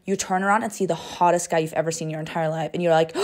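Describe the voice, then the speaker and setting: A woman's voice: on the low side, fairly even intonation, quick pace, darkish tone. A young woman doing a chatty voice-over, spinning a playful story and talking straight to the viewer. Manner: playful, gossipy, addresses the viewer directly. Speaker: book vlogger.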